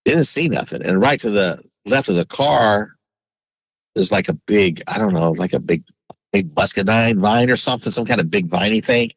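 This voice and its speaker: A man with a low, slightly husky voice tells a personal story as a podcast guest. He rambles and restarts his sentences often. The recording is dry and close. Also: lively intonation, moderate pace, no room sound, rough recording. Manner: rambling, many restarts and fillers. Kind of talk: casual storytelling.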